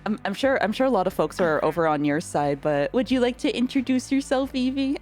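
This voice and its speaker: A woman's voice: medium pitch, lively intonation, a little fast, a little mellow, faint music behind. A woman from Canada hosting a casual game stream, bubbly and laughing often. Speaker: streamer host.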